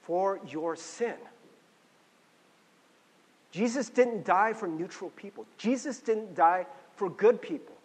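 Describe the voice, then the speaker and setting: Male pastor, conversational sermon, high voice, long church-hall reverb. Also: slow, pauses often, breathy edge. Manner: conversational, animated, many restarts and fillers.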